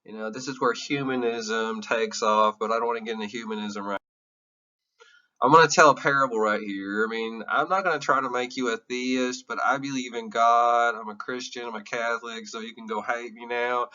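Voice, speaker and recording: A man's voice: medium pitch, fairly even intonation, moderate pace, bright, forceful tone, distant mic, muffled recording. A man giving an emotional, earnest classroom lecture, candid and sometimes swearing. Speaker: teacher.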